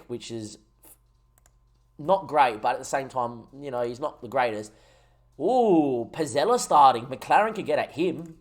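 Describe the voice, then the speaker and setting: A young Australian man streaming a football management game, commentating the match live and getting excited at goals while talking to his chat. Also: medium pitch. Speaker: gaming streamer.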